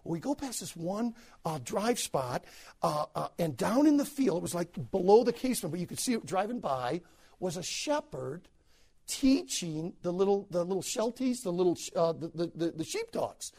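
An American man, a pastor, telling a story in a sermon to other preachers, animated and repeating words as he goes. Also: high voice, normal speed, gravelly, husky. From United States.

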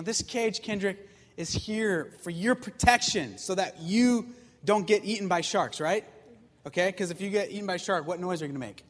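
Man, youth preacher, high voice, jokey and lively, long hall reverb. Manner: lively, jokey, talks straight to the crowd. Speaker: youth pastor. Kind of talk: sermon with audience participation.

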